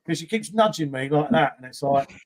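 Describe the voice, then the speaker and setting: A man's voice: fairly high pitch, animated, a little fast. A man, a guest on a live beer stream, pleading and laughing sheepishly with a friend. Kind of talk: casual banter on a live stream.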